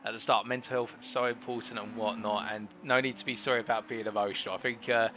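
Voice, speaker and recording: A man's voice: lowish voice, little pitch movement, fast, noisy background. A man hosting a live sim racing broadcast, interviewing drivers in formal, flowing commentary phrasing.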